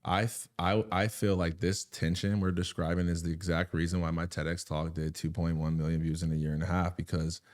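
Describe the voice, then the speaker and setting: A man hosting a podcast in casual chat, an animated storyteller who drops quiet and heavy, then turns loud and laughing, thinking aloud with restarts. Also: low-pitched, brisk, few pauses. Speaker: podcast host.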